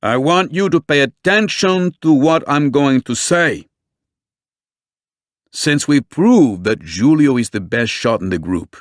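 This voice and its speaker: A man's voice: on the high side, no room sound, studio quality, pitched above the performer's own voice. Man doing a bossy police chief. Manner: bossy, authoritative. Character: gruff commanding male police chief, middle-aged.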